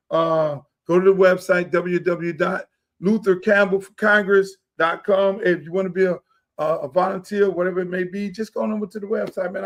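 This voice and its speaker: A middle-aged man hosting a casual podcast, loud and joking, often bursting into excited shouts. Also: sits high. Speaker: podcast host.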